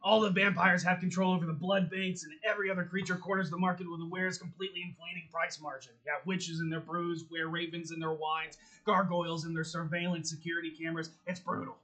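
A man's voice: on the high side, little pitch movement, fast talker, few pauses, bright, forceful tone, low-quality recording. A man doing a creepy doll merchant. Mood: scheming. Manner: sly salesman patter. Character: creepy haunted doll merchant, haggling, petty.

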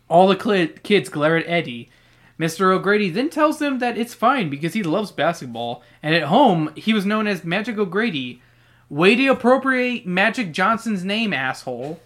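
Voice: mid-range voice, normal speed. A podcast host reading a children's book aloud and riffing on it with profane, sarcastic jokes. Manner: profane, sarcastic, swings from flat reading to loud outbursts.

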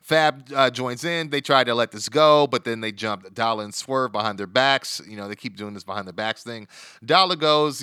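A man walks through a wrestling episode in casual podcast chat, stopping and restarting with plenty of fillers. His voice is bright and smooth. The sound is dry and close to the mic. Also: mid-range voice, moderate pace, dry recording. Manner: rambling recap with many uh fillers and restarts. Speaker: podcast co-host.

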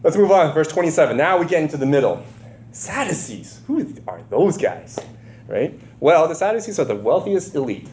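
A man's voice: a little high, sing-song, moderate pace, darkish tone, a little hiss or hum. A man preaching a conversational sermon, firing rhetorical questions at his congregation and building to emphatic, impassioned stretches. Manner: emphatic, rising to impassioned bursts. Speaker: pastor.

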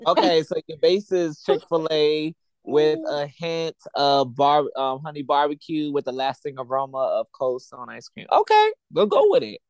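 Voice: mid-range voice, expressive, moderate pace, hardly any pauses, darkish tone, dry recording. A man hosting a game segment on a casual podcast, prompting others and keeping things moving. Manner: prompting, upbeat, moves things along. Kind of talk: casual chat.

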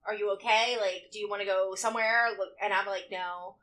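Bright-voiced, animated woman. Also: mid-range voice, brisk. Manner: animated storyteller, swears freely. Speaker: podcast co-host. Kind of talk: casual chat.

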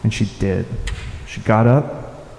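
A man preaching a sermon as a pastor, unhurried and reflective, sometimes dropping to a soft, gentle voice. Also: on the low side, gravelly, a little hiss or hum. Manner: unhurried, reflective, with soft-spoken quoted lines. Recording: echoey hall with faint ambience.

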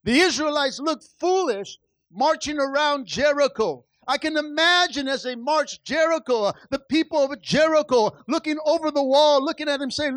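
A man's voice: extremely high pitch, moderate pace, fairly bright tone, dry recording. A male pastor preaching a sermon, calling out to the congregation and dramatically acting out biblical characters as he tells their stories. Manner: call-and-response exhortation.

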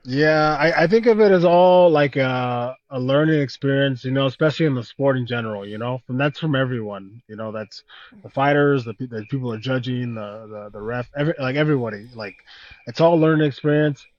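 A man as a podcast guest in casual conversation, halting and reflective, filling pauses with "man" and "you know.". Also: medium pitch, a little mellow, dull audio. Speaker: guest fighter.

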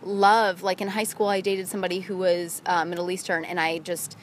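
A woman's voice: lowish voice, level tone, fairly quick, slight background noise. A woman from the Midwest hosting a casual podcast chat, filling her talk with "you know" and "like". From American Midwest. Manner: chatty, lots of "you know" and "like".

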